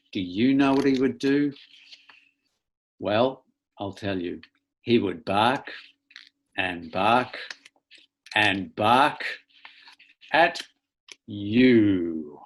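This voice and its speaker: A man who writes children's books reads one of his picture books to children online from home, hamming it up with loud barks. His voice is lowish, and a little background noise comes through.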